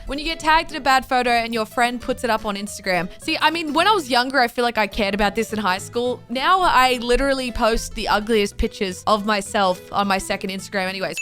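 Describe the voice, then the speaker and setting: A young woman rants through everyday annoyances in a casual vlog. Her voice sits a little high, and she keeps slipping into exasperated voices for her own reactions. Faint music plays underneath. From Australia. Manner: animated, exasperated, acts out quoted reactions. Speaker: vlogger. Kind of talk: casual comedic vlog commentary.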